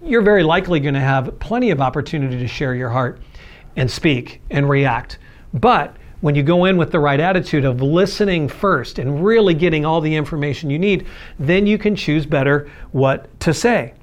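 A man preaching a sermon, earnest and conversational, with a slightly higher voice than most men. He slips into little acted-out quotes to make his points. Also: lively intonation, normal speed. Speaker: pastor.

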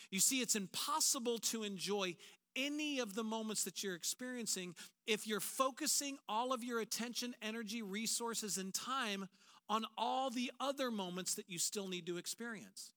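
A pastor with a high, bright voice delivers a sermon to a large church auditorium at normal speed. He is animated, slipping into quoted voices, and his tone stays sharp and forward throughout.

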